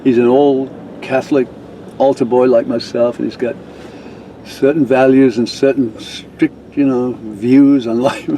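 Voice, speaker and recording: A man's voice: medium pitch, fairly even intonation, measured pace, warm tone, slight background noise, poor audio. An older man, a reverend, telling a rambling personal story with chuckles and restarts. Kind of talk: casual storytelling.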